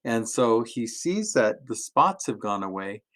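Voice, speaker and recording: A man, a pastor, retelling Bible stories to children in a playful, animated way, often laughing. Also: mid-range voice, a little slow. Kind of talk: children's sermon storytelling.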